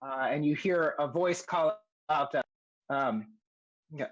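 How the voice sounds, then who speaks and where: A man narrating a tabletop game as game master, describing scenes hesitantly with many pauses and restarts. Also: a little high, fairly even intonation, muffled recording.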